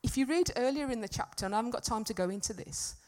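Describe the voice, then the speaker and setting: A woman preaching a sermon to a congregation, earnest and emphatic, swinging from loud peaks to soft, quiet stretches. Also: a little high, animated, quick pace. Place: church hall with congregation.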